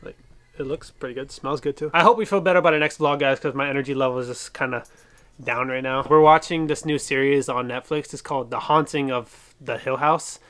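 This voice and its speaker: A young man hosting a casual vlog, talking loudly and teasing as he speaks straight to the camera. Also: medium pitch, steady tone, a little fast, no room sound. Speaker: vlogger host. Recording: noisy handheld recording.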